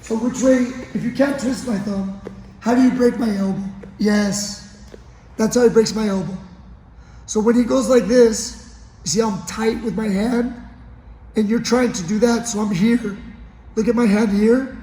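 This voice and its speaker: In a reverberant gym with long echo, a man coaches grappling on the mats, showing a technique and regularly checking in with his partner. His voice is high-pitched and warm, with a steady tone and measured pace.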